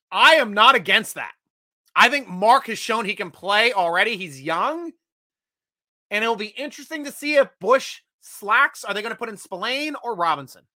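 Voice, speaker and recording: A man hosts a casual sports fan livestream, chatting energetically, reading viewer comments, and breaking into loud excitement. His voice sits high, with no echo.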